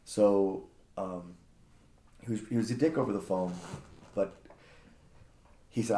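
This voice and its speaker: A man casually telling a personal story, animated and acting out what people said, often repeating words. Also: on the low side, moderate pace, pauses often, echoey room, a little hiss or hum. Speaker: guest, jiu-jitsu practitioner.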